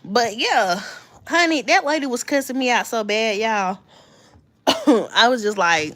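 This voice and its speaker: A woman's voice: fairly high pitch, normal speed, fairly bright tone. A woman in her late thirties hosting a live stream, chatting in a confiding way straight to her viewers. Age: late 30s. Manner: chatty, confiding, addresses viewers as y'all and honey. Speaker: livestream host. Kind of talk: casual live-stream chat.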